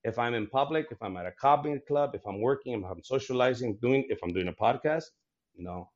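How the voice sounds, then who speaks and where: A man's voice: mid-range voice, fairly quick. Blunt, profane man with a dull sound. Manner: blunt, profane, laughs often. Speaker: comedian guest. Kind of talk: casual podcast chat.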